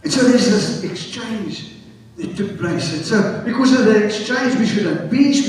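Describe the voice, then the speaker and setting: A man preaches to his congregation with a high voice, urging people to answer him back. He jumps from loud cries to low, hushed stretches. The voice rings through a big hall and sounds far from the microphone. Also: a little slow, a little hiss or hum. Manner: call-and-response preaching, swinging from high exclamations to low quiet passages. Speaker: pastor. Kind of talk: sermon. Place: church hall. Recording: echoey hall, voice picked up from a distance.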